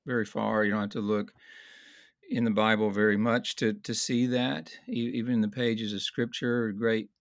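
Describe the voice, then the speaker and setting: A man teaching in a conversational Bible study discussion, earnest and explanatory, slowing down to stress key points. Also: lowish voice, flat delivery, vocal fry, no room sound, clean studio sound.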